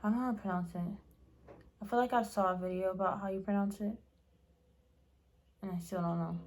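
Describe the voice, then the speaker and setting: A young woman hosting a casual eating show at home, rambling and chatty with lots of fillers, talking between bites. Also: mid-range voice. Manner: rambling, chatty, many fillers and restarts, eats while talking. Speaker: mukbang vlogger.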